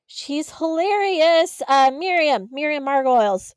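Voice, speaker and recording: A young woman co-hosting a podcast, chatting casually in a blunt, sarcastic way and retelling scenes with animated voices. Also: fairly high pitch, moderate pace, clear, resonant tone, no echo. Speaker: podcast co-host. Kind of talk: casual chat.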